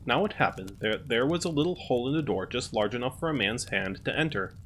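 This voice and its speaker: A man calmly narrating a fairy tale as a storyteller. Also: mid-range voice, a little fast, slight background noise.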